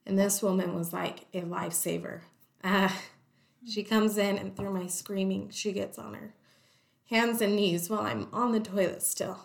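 A woman's voice: mid-range voice, moderate pace, gravelly. Woman telling a story in a roomy space. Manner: lively, acts out the voices of people in her story. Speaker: guest telling her story. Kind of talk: personal storytelling. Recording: roomy echo.

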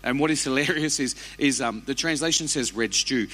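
A man, preaching a sermon as a pastor with animated, humorous storytelling. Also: medium pitch, normal speed.

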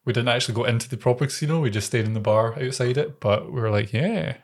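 A young man co-hosts a podcast in a medium-pitched voice at a quick pace. He chats casually and tells stories, laughing often.

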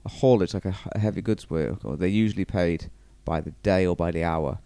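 A chatty man with a lowish voice, recorded dry and close with little room sound. He keeps talking in a relaxed, loose way and often repeats a word as he restarts. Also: fast talker, clear, resonant tone, no room sound. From England. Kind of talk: casual chat.

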